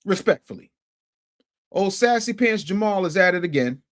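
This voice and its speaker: Male streamer, chat-reading commentary, pitched a little high, emphatic, repeats himself, volume swings. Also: a little fast. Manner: animated, swings from loud to low and muttered; emphatic, repeats phrases for effect. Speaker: livestream host.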